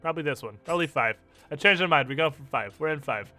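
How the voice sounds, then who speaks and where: A man's voice: fairly high pitch, quick pace. A young man streaming a game, joking and swearing casually as he talks through his choices. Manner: joking, profane, animated. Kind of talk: casual gameplay commentary.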